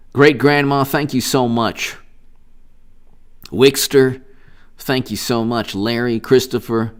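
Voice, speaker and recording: A man's voice: fairly low pitch, smooth. A man hosting a casual live stream of political commentary, rambling and long-winded as he thanks viewers.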